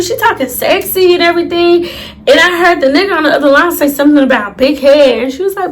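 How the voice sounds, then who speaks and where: A woman's voice: very high-pitched, fast talker. A young woman, telling a dramatic, profane storytime to her viewers in casual vlog talk. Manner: animated, profane, dramatic retelling with asides to viewers. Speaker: storytime YouTuber.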